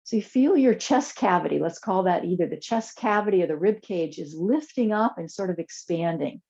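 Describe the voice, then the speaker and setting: Woman yoga teacher, low mellow voice, calm soothing cues, slightly muffled recording. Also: moderate pace, vocal fry, husky. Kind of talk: guided chair yoga class.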